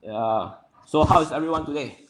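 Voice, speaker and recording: A young man from Nepal, hosting a livestream and greeting viewers by name in a friendly, halting way full of fillers. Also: fairly high pitch, animated. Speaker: livestream host.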